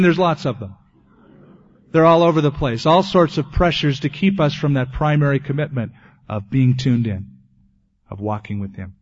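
Pastor preaching on dull old tape. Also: male voice, medium pitch. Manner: earnest preaching, ending in a quiet prayer. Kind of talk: sermon.

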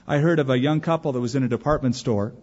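A fast-talking pastor with a mid-range voice preaches a sermon, telling lively stories and acting out the voices within them. The sound is dull, with a long hall reverb.

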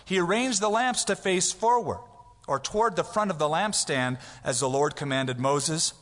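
A man preaching a conversational expository sermon as pastor, animated and casual, sometimes acting out loud prayers for effect. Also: on the high side, moderate pace, in a large hall.

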